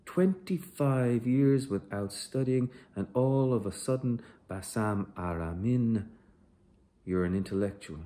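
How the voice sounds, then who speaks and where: A man's voice: medium pitch, lively intonation, a little slow, warm tone, natural voice. A man reading as a sneering airport interrogator. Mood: hostile. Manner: mocking, aggressive questioning. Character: hostile male airport security interrogator, sneering and suspicious.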